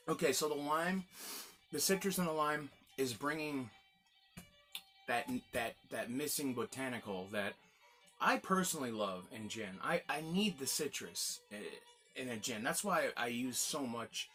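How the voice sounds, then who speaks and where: A man's voice: mid-range voice, expressive, a little slow, pauses often, bright, forceful tone, soft background music. A man hosting a casual gin tasting review, chatty and rambling, exclaiming as he tastes.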